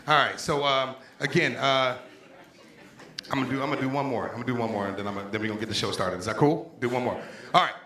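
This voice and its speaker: A Pittsburgh man with a medium-pitched voice talks fast and sharp while doing stand-up in a small comedy club. He swears freely and banters loosely with the crowd. The room sounds echoey, with audience noise throughout.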